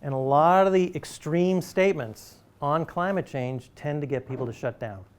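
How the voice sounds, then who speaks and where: A man's voice: a little high, moderate pace. Emphatic man giving a lecture. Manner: emphatic, conversational and persuasive. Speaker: university lecturer. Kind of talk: public lecture to an audience.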